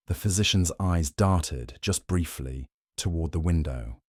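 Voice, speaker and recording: Casual: man narrating an old-style mystery audiobook, deep voice, steady, dry close mic. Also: no echo. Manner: measured, even storytelling. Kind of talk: scripted first-person narration.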